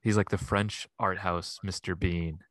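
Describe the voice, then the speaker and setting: A man's voice: low-pitched, steady tone, unhurried, a bit bright, dry recording. A man co-hosting a podcast, chatting casually about movies, rambling with fillers and laughing often. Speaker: podcast co-host. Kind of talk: casual chat.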